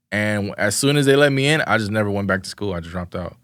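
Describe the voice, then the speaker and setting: A man's voice: on the low side, expressive, quick pace, a bit bright, dry recording, studio quality. Laid-back young man telling stories. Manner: loose, slangy storytelling with many fillers and acted quotes. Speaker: podcast guest, videographer. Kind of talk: casual interview chat.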